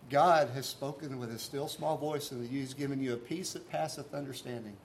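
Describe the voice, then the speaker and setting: A man's voice: medium pitch, fairly even intonation, normal speed, a little hiss or hum. A man preaching a sermon as pastor, talking earnestly and conversationally and asking his listeners rhetorical questions.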